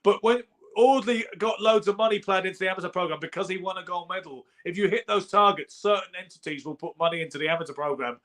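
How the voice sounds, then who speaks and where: A man co-hosting a boxing chat show. He talks quickly in a fairly high voice. He presses every point with emphatic insistence. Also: a bit bright. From England. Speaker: podcast co-host.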